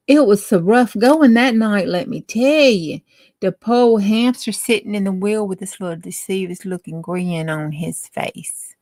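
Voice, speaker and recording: A woman's voice: medium pitch, unhurried, a little mellow, no room sound. A woman telling a folksy story in a dramatic, chatty way. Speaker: craft vlogger.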